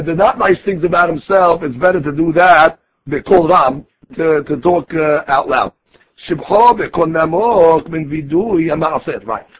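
A man's voice: a little high, highs cut off. A man teaching a daily Talmud class in a conversational way, explaining the text phrase by phrase and restarting sentences as he goes.

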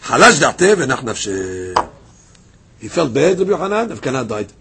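A man teaching a daily Talmud class, reading passages aloud and retelling them as a lively story. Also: mid-range voice, quick pace, gravelly, noisy background. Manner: lively storytelling, reads Aramaic then explains in English.

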